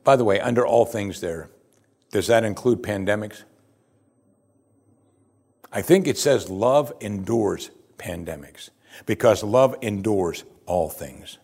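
A man preaching a sermon as pastor, earnest and emphatic, often dropping his voice to a hushed close. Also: lowish voice, measured pace, creaky, long pauses.

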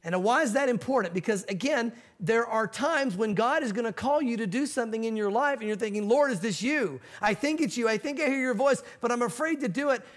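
A man's voice: very high voice, expressive, brisk, hardly any pauses. A male pastor preaching a sermon, telling a story with acted-out quotes and teaching from a Bible verse.

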